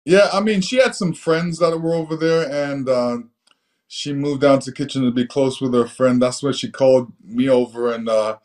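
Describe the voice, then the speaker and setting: A man from England, a guest in an interview, telling stories from his youth in a relaxed, easygoing way with lots of "you know.". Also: medium pitch, moderate pace. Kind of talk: relaxed storytelling.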